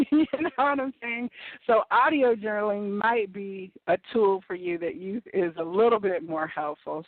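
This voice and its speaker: A woman's voice: medium pitch, no echo. A woman hosting an internet radio show, chatting casually and laughing at her own stories. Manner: chatty, laughing, self-deprecating. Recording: tinny phone-line audio.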